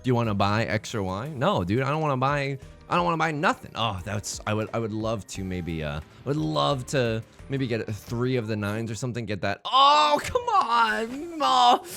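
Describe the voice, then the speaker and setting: A young man giving casual, playful commentary while he plays an online game, with jokey asides and sudden excited jumps. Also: medium pitch, brisk, few pauses, soft background music. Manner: drops to a stage whisper at times. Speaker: let's play streamer.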